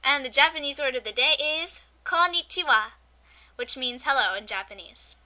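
A young woman co-hosts a casual amateur podcast, talking in a high voice. Her tone is very bright and sharp. She chats fast and easily slips into animated rants. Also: slight background noise. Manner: chatty, animated, quick to rant. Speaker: podcast co-host.

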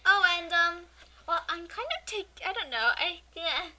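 A woman's voice: extremely high pitch, lively intonation, moderate pace, pushed and bright, a little hiss or hum. A young woman co-hosting a podcast, chatting casually in a giggly, rambling, playful way. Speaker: podcast co-host. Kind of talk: casual chat.

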